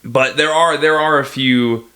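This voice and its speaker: A young man co-hosting a casual movie review podcast, wry and joking with quick asides. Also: medium pitch, fairly even intonation, pushed and bright. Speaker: podcast co-host.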